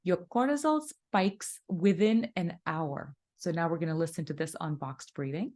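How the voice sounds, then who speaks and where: A woman's voice: lowish voice, moderate pace, darkish tone. A woman leading a guided breathing exercise, giving instructions and counting breaths aloud.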